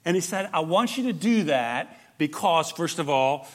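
A man preaching a sermon, emphatic and dynamic, swinging from loud, fervent stretches to hushed, quiet ones. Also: on the high side, animated, unhurried. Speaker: pastor.

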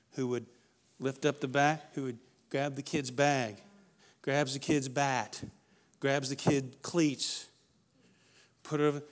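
A middle-aged man giving a plain-spoken, emphatic talk to parents, often repeating words as he goes. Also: mid-range voice. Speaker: speaker on parenting. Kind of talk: preaching-style talk to parents.

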